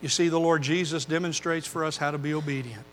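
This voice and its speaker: A man's voice: fairly high pitch, steady tone, fast, slight background noise. Older male pastor preaching in a reverberant hall. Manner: earnest, swings from loud emphasis to quiet intensity. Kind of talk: sermon.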